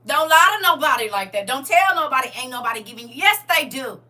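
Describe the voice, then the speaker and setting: A woman hosting a casual live stream, teasing viewers by name and swinging between loud exclamations and hushed asides. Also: high voice, lively intonation, quick pace, distant mic. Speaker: livestream host.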